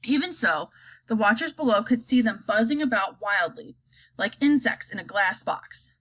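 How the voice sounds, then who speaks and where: A woman reading a children's storybook aloud, expressive and lively. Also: on the high side, moderate pace. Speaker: reader.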